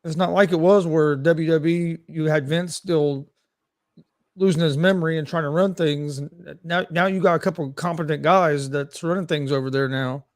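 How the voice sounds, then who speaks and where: A man's voice: fairly high pitch, normal speed. A man hosting a sports betting podcast, chatting casually and agreeing with his co-host. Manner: relaxed, agreeable, laughs easily.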